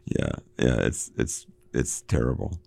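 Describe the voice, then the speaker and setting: Man, very low voice, gravelly, casual book chat, reads aloud with emphasis, chuckles. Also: lively intonation, unhurried, mellow. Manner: reads quoted passages with lifted pitch and emphasis, laughs often. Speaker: book discussion co-host. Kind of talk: casual book discussion, reading passages aloud.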